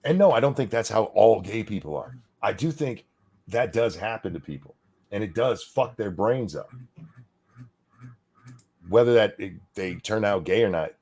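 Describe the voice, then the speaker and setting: A man's voice: lowish voice, lively intonation, moderate pace, pauses often, darkish tone, husky. A man co-hosting a podcast, ranting in a heated, sarcastic, profane way. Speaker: podcast co-host. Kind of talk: casual podcast rant.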